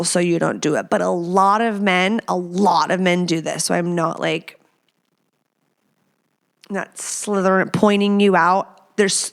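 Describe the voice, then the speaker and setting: A woman hosting a casual podcast, chatty and playful, dropping into quick whispered asides. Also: medium pitch. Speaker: podcast host.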